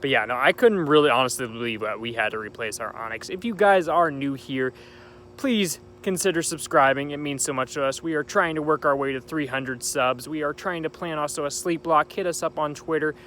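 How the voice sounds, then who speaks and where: A young gaming channel host rambles cheerfully about a game while sitting outdoors at night, in chatty, upbeat let's-play commentary. His voice is fairly high, fairly quick and fairly bright, with a little hiss or hum.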